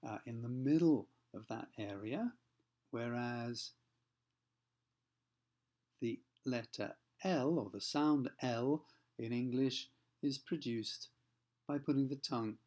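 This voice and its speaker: A man teaching pronunciation in a patient, step-by-step way. He slows down to model sounds carefully and keeps checking that the listener is following. His voice sits at an ordinary middle pitch. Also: darkish tone. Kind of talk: explanatory lesson for learners.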